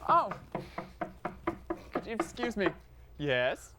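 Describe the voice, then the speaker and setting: A man's voice: high voice, wildly swooping pitch, takes it slowly, very noisy. A man in a live improv scene playing a broke, awkward party host, hesitant and stumbling. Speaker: improv performer hosting party.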